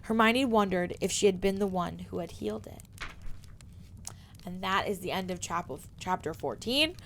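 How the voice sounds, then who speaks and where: A woman's voice: fairly low pitch, moderate pace, gravelly, a little hiss or hum. Woman reading a novel aloud. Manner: plain steady narration with small slips and restarts. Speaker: streamer reading fan fiction.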